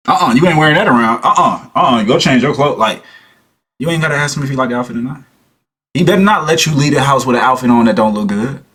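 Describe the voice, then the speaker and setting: Man, husky voice, very lively pitch, casual reaction chat, mimics voices. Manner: animated, mimics voices of people he watches. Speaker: reaction video host.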